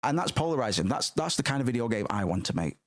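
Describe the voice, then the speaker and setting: A man's voice: medium pitch, sing-song, fast talker. A man streaming, chatting casually and rambling, swearing freely with many restarts.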